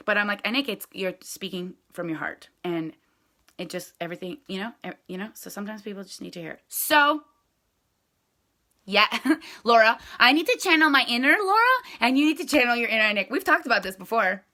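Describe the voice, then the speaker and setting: Chatty bright-voiced woman leading her sales team. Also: on the high side, lively intonation, fairly quick. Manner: chatty, rambling, addresses viewers directly. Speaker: direct sales team leader. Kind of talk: casual live chat to viewers.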